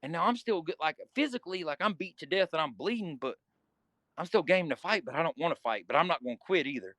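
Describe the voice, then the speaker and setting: A man's voice: on the high side, lively intonation, fast talker, fairly bright tone, no room sound. A man with a slightly raised voice tells a gritty story in a loose, profane way and acts out the scenes. His voice sounds very dry and close, with no room behind it. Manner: vivid, profane, re-enacts scenes. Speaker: guest. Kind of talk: casual storytelling.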